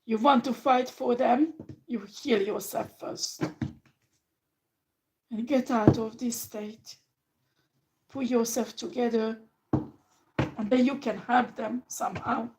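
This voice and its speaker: A woman's voice: a little high, fairly even intonation, slow, pauses often, a little mellow, a little hiss or hum, low-quality recording. Emphatic woman giving a tarot reading. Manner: emphatic, talks straight to the viewer, swears. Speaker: tarot reader.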